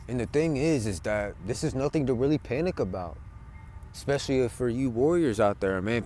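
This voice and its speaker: A man's voice: medium pitch, lively intonation, moderate pace, darkish tone, faint music behind. A young man giving an impassioned, profane spiritual monologue to his viewers from outdoors in nature, calling them bro and man. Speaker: spiritual vlogger.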